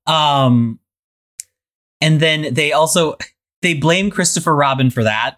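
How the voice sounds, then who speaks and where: A casual podcast co-host who rambles through a story, leaning on fillers and circling back on their own points. The voice sits at an ordinary middle pitch, neither high nor low. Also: unhurried, a bit bright. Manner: rambling, lots of "like" and "um". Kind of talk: casual chat.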